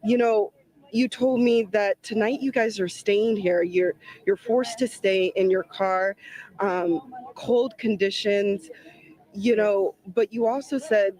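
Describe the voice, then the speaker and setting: A man's voice: high-pitched, a little slow, a little mellow, low-quality recording. A man working as a field reporter, interviewing an evacuee and asking sympathetic, probing questions.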